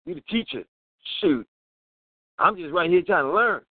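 Brief: lively male radio host with a slightly high voice, chatty preaching, tinny and dry. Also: normal speed, dry recording. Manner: animated, laughing, preachy and colloquial. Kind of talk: casual preaching talk. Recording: tinny phone-like line, dry.

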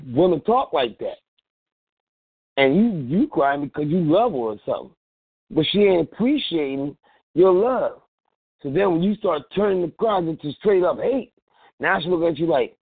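A man talks in a blunt, slangy way and keeps slipping into quoted voices. His voice is a little husky. It comes through a narrow, phone-like line with a dry sound. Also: on the high side, big pitch swings, normal speed, dry recording. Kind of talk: casual talk radio commentary.

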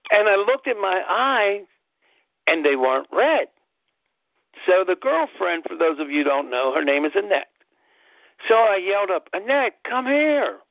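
A man's voice: sits high, animated, normal speed, gravelly, pauses often, no echo. A man hosting a personal health talk, telling his story earnestly and repeating key phrases for emphasis. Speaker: host. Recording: tinny phone-like line, dry.

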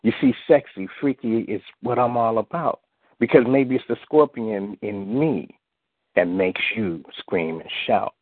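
A man reciting erotic spoken-word poetry in a slow, sensual way, often saying "you see", heard over a phone line. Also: on the low side. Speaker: guest poet. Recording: tinny phone-line audio, dry.

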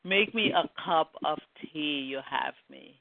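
A woman chatting casually on a call, animated and exclaiming often with frequent laughter. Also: low-pitched, measured pace, gravelly. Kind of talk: casual chat. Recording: tinny dry phone line.

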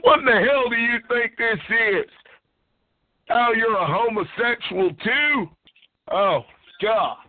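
A man's voice: very high voice, animated, slow pace, long pauses, no echo, phone-quality sound. A man making a taunting, provocative prank call on a phone chat line. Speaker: caller.

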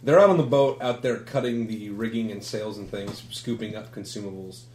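A man narrating as game master, relaxed and casual, with some swearing. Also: on the low side, normal speed, echoey room.

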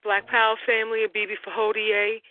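Man on a noisy phone line, high voice. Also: completely flat delivery, fast talker. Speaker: caller. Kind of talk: call-in comment.

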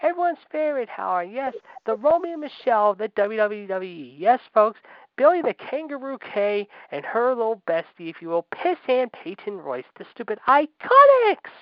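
A man's voice: sits high, very animated, moderate pace, no echo. A man co-hosting a wrestling podcast, delivering a heated, sarcastic rant and repeating "however" constantly. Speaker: podcast co-host. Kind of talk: ranting wrestling commentary. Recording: dull lo-fi sound.

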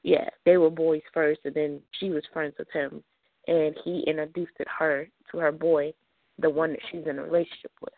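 A low-voiced woman with a gravelly edge gives calm, earnest advice as a radio show host. Her voice comes through a thin, phone-like line with no room sound around it. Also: moderate pace, no room sound. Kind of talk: casual advice talk on an internet radio show. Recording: tinny phone-like line, dry.

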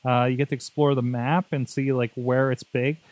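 A man's voice: medium pitch, flat delivery, normal speed, a little mellow, dry recording. A man co-hosting a tech podcast, chatting casually and rambling with lots of fillers and jokes. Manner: rambling, jokey, many fillers. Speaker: podcast co-host.

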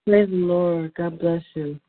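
A woman's voice: lowish voice, fairly even intonation, measured pace. A woman leading a faith roundtable, talking earnestly with many restarts and fillers over a phone call. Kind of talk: casual faith discussion. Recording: tinny phone line.

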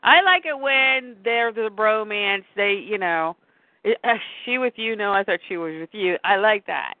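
A woman's voice: medium pitch, moderate pace, no room sound. A woman chatting casually as a podcast co-host, rambling and breaking off mid-sentence, acting out quotes as she goes. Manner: rambling, self-interrupting, acts out quotes. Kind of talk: casual chat. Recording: tinny phone-like line.

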